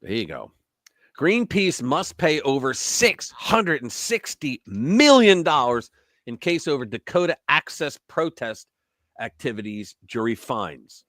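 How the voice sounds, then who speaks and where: Lively, blunt man hosting live commentary. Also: mid-range voice, a little slow, no room sound, clean studio sound. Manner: blunt, profane, laughs at own jokes. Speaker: host. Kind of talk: casual live-stream commentary.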